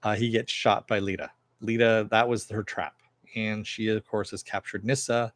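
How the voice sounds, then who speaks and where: A man's voice: on the low side, little pitch movement, moderate pace, fairly bright tone, dry recording. A man reviewing a TV episode in a casual recap, rambling with lots of fillers and some swearing.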